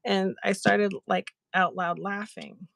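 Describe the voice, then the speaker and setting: Hosting a live craft stream as a seller, a woman chats with viewers and retells a funny story, giggly and animated. Her medium-pitched voice is slow and creaky, with slight background noise.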